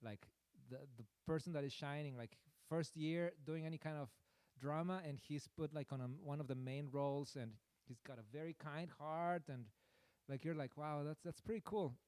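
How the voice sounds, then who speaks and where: A man's voice: on the high side, normal speed, a little mellow, clean tone, dry recording. A man preaching a sermon through a personal story, in a rambling, self-deprecating way with many fillers.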